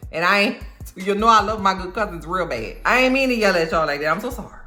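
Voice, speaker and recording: A woman's voice: medium pitch, fast talker, faint music behind. A woman hosting a reaction video who gives casual commentary and rants emphatically, with plenty of slang. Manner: animated, emphatic ranting with slang.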